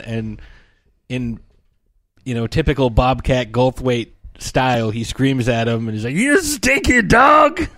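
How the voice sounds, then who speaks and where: Guy chatting about a movie, laughs a lot, lots of "you know", normal pitch, dead dry audio. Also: no room sound. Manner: animated storytelling with frequent laughs and fillers. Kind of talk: casual movie discussion.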